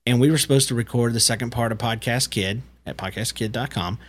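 A man in his thirties co-hosts a relaxed parenting podcast, speaking quickly in a medium, middle-register voice. He is earnest and explanatory, walking through his reasoning step by step and often restarting phrases as he thinks aloud.

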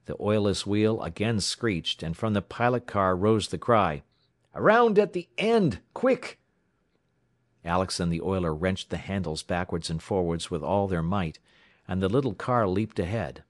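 Male audiobook narrator, very low pitch, steady measured read, dry close sound. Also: no room sound.

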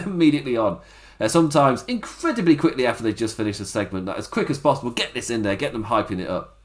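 Animated man rambling through a recap. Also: medium pitch, fast talker. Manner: chatty, rambling, laughs often, acts out quotes. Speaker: wrestling show reviewer. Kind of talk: casual spoken recap.

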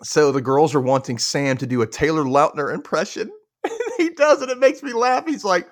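A man's voice: fairly high pitch, moderate pace, dry recording, studio quality. A young man from Mississippi hosting a podcast, recapping a show in casual chat and acting out the characters. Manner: animated, laughs often, acts out characters. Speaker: podcast host.

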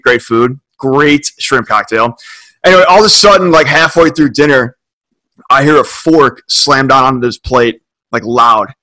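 A man telling a long, animated story in a casual podcast chat, leaning heavily on filler words. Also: mid-range voice, rough recording.

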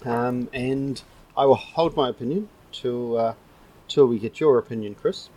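Joking male podcast host, mid-pitched. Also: measured pace, a little mellow, low-quality recording. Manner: jokey, rambling storytelling. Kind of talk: casual chat.

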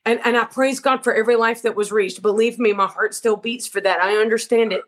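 A woman's voice: a little high, fairly even intonation, a little fast. Woman minister, interview guest, fervent preacher-style storytelling. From Georgia, USA. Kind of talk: interview testimony.

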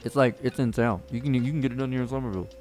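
A man's voice: medium pitch, very fast, a little mellow, soft background music. Profane, laughing sounding man. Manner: profane storytelling, laughs often. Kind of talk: casual chat.

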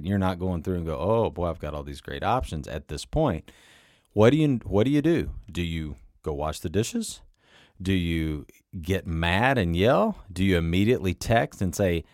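A man's voice: sits low, a little mellow, dry recording, studio quality. A middle-aged man working as a coach for men, talking in a conversational way and often checking in with "right?" and "okay?". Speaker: men's coach. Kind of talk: coaching talk to camera.

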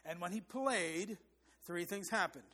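Guy with a pretty high voice preaching, singing bits of hymns now and then, leans hard on his points. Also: unhurried, pushed and bright. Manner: sings short hymn phrases to show rhythm; emphatic, rising for stress. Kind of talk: sermon.

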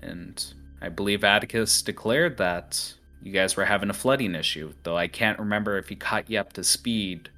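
A man narrating as the game master of a tabletop role-playing game, describing scenes in a relaxed way with frequent fillers. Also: on the low side, normal speed, hardly any pauses.

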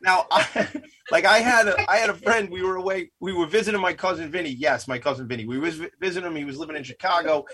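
A man co-hosting a podcast, joking and playful, telling stories in a casual, animated way. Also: high-pitched, quick pace, husky. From New York area, Long Island. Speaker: podcast co-host.

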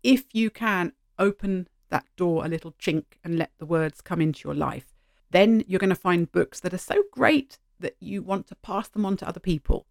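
Warm, animated middle-aged woman. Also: lowish voice, moderate pace, vocal fry, no room sound. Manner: animated, heartfelt, gently emotional. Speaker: podcast host. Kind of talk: solo podcast monologue. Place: sitting at home. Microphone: studio microphone.

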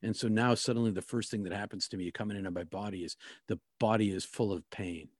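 A man recounting a personal experience in a reflective, halting way, often restarting his sentences. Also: fairly low pitch, fairly even intonation, no echo, clean studio sound. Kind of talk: personal testimony.

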